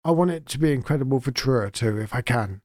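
A man's voice: mid-range voice, expressive, fast, a little mellow, no echo, studio quality. A man hosting his own podcast, talking in an earnest, heartfelt and sometimes emotional way. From England. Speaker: podcast host and town mayor. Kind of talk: casual spoken podcast update.

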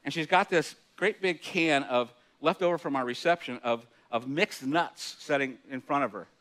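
A middle-aged pastor preaches a sermon in a church hall, his voice fairly high, bright, and at a normal speed. He's chatty and self-deprecating, laughing often and restarting his words.

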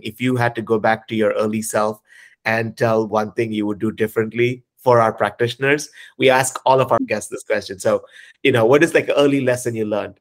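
A man hosting an interview podcast, talking with enthusiasm and plenty of fillers. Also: fairly low pitch. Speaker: podcast host. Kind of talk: casual interview chat.

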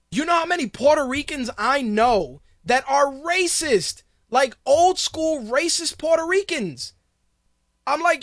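A man's voice: extremely high pitch, a bit bright, no room sound, clean studio sound. A man hosting a radio show, ranting casually in a heated, profane way with lots of restarts. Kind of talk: casual on-air rant.

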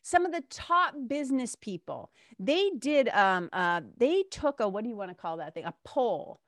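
A woman's voice: fairly high pitch, sing-song, moderate pace, no echo, studio quality. A middle-aged woman, a spiritual mentor, talking in a casual, candid way with swearing and laughs. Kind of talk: casual monologue.

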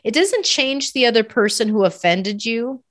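A woman's voice: on the high side, expressive, moderate pace. A woman giving an earnest devotional reflection on scripture, with rhetorical questions and prayerful asides. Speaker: Catholic speaker reflecting on scripture.

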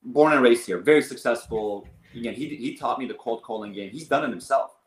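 Fast-talking man telling stories in a roomy space. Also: mid-range voice. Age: 30s. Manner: animated, rambling storyteller with many fillers. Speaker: guest, business owner and coach. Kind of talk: casual storytelling interview. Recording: roomy echo.

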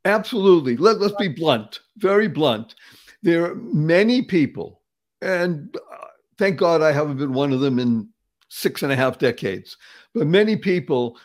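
A man's voice: fairly high pitch, lively intonation, normal speed, darkish tone. A man in his seventies from the Boston area, talking as an interview guest in an emphatic, upbeat motivational style, repeating words for effect and laughing often. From Boston area, USA. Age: 70s.

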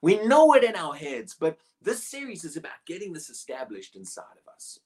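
Preacher for a teaching sermon: animated pitch, emphatic, restarts phrases as points build. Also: brisk.

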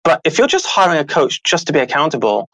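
A middle-aged man, an author and show host, telling a story in a casual, animated way and acting out the people he quotes. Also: fairly high pitch, fast talker, no echo, rough recording. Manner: animated, acts out quoted voices, laughs often.

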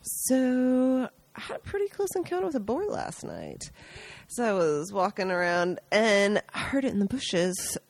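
A woman's voice: medium pitch, unhurried, dry recording. A woman co-hosting a podcast, chatting casually and acting out quotes as she tells stories. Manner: animated storyteller, acts out quotes. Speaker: podcast co-host. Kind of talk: casual chat.

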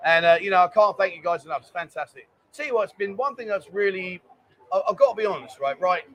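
A man with a London accent co-hosts a casual live chat show, reading out viewer comments with jokey banter. His voice sits high for a man and the words tumble out fast. He sounds a little rough from a hangover. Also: expressive, fairly bright tone. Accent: London English. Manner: jokey banter, quick and chatty. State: hungover. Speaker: co-host of a livestream.

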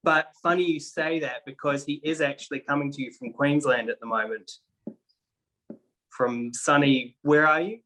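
Bright-voiced New man. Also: fairly high pitch, moderate pace, rough recording. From New Zealand. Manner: explains with fillers, teasing. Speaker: band member. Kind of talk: casual interview.

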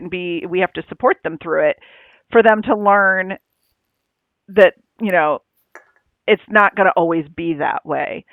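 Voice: mid-range voice, fairly bright tone, no room sound. A co-host sharing reflective thoughts in casual chat, swearing now and then. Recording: tinny phone-like line, dry.

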